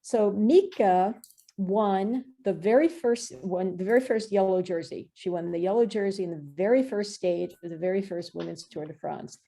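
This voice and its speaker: A woman in her fifties, a film director, chats as a podcast guest in a casual interview, animatedly telling stories full of fillers. Her voice is mid-range and creaky, at a moderate pace.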